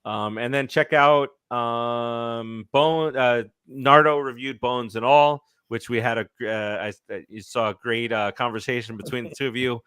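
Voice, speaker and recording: A man's voice: medium pitch, fairly even intonation, normal speed, hardly any pauses, fairly bright tone, smooth, no room sound, studio quality. A man co-hosting a sports and movie podcast, talking casually with lots of fillers and restarts. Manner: rambling, many fillers and restarts. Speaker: podcast co-host. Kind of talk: casual chat.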